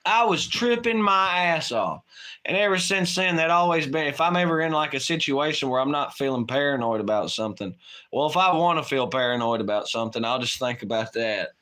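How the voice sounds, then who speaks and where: Brief: casual late-night streamer guy, swears freely and rambles, with a bright, edgy tone. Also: a little high, expressive, fairly quick. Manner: rambling, profane, laughs often. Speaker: livestream co-host.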